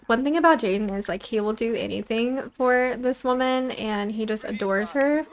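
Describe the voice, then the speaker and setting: A woman's voice: a little high, fairly quick, hardly any pauses. Chatty young woman narrating a game. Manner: chatty, lots of "like" fillers, giggly. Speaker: let's play host. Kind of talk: casual game commentary.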